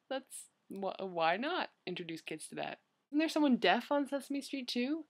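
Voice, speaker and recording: A woman's voice: mid-range voice, expressive, normal speed. A young woman vlogger chatting casually as she answers questions, rambling and filling her talk with "like" and "you know".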